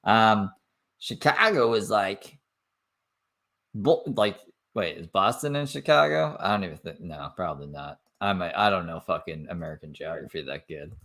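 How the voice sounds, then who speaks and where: A man's voice: sits low, expressive, normal speed, a bit bright. A man from Canada giving casual reaction commentary, swearing and laughing between remarks. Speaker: reaction streamer.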